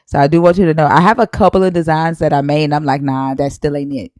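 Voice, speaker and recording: A woman with a Southern accent hosting a live stream, chatting casually, shouting out viewers and laughing often. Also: low voice, fairly even intonation, fast, no room sound, clean studio sound.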